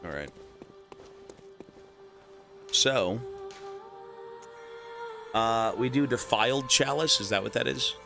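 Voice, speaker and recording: Over music, a man streams a video game in a mid-range, creaky voice, talking slowly with frequent pauses. He jokes with viewers, swears often and rambles in casual gaming commentary.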